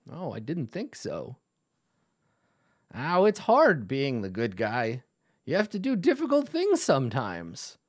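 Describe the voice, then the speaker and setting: A man's voice: mid-range voice, huge pitch swings, slow, full character voice. A man voicing a smug old male dwarf who leans on a staff and needles the heroes. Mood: needling. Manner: cajoling, mock-reasonable.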